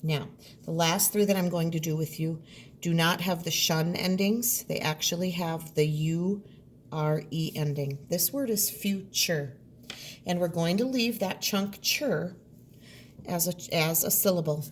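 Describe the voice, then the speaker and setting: A woman teacher with a low, unhurried voice, carefully sounding out each word for her students. She speaks at a slow, deliberate pace. There is a faint hiss of noise behind her. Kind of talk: recorded classroom lesson.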